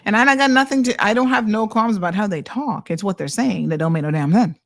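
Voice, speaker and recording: A woman's voice: mid-range voice, fast talker. A middle-aged woman hosting a talk show, blunt and sassy as she reacts to viewer comments.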